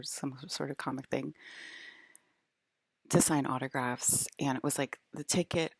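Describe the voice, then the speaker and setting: A woman's voice: sits low, no echo, clean studio sound. A young woman rambling casually to her viewers in a vlog, full of "like" and restarts. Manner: rambling, filler-heavy, lots of "like". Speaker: vlogger.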